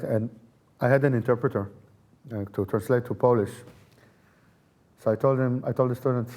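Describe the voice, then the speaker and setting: A man's voice: medium pitch, moderate pace, pauses often, darkish tone. A man, a festival artistic director and pianist, answering interview questions thoughtfully, with frequent fillers and repeated words.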